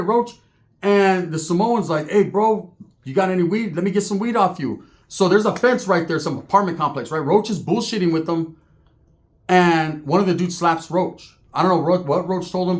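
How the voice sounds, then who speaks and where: Cali guy rambling thru a story, cursing and joking, voice a bit high. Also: brisk. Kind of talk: casual storytelling.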